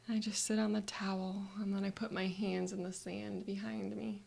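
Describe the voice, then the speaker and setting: A woman narrating a calm guided visualization in the first person, speaking softly and sometimes slipping into breathy whispers. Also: medium pitch, moderate pace.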